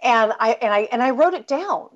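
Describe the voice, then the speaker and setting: On dull, lo-fi audio, a middle-aged American woman who is an author and interview guest relates a personal story. Her pitch is fairly high, her intonation lively, and her pace a little fast; she's candid and emphatic, often cutting herself off to begin sentences again.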